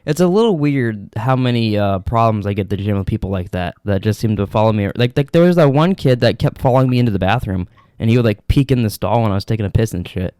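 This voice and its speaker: A man's voice: on the low side, expressive, fast, a little mellow, clear, resonant tone, no echo, studio quality. A young man co-hosting a podcast, telling rambling, profane stories in casual chat. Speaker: podcast co-host.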